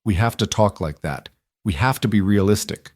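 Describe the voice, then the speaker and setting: A man's voice: fairly low pitch, moderate pace, no room sound, studio quality, natural voice. A man voicing a small, frail but stubborn young woman, earnest and pleading, in a storybook reading.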